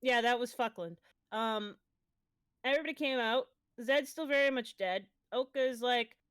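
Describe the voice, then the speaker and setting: A woman's voice: a little high, normal speed, a bit bright, clear, resonant tone. A woman streamer casually recapping a tabletop game session, swearing freely as she tells it. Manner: profane, breezy storytelling.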